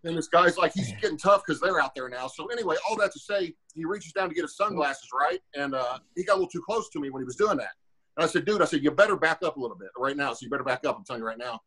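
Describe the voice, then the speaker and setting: A quick-talking man in his forties with a husky, bright-edged voice. He tells a story on a podcast like a former fighter would, cursing freely and acting out each person's lines. His voice sits a bit high for a man. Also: rough recording. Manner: animated, acts out quoted dialogue; profane, rambling with fillers.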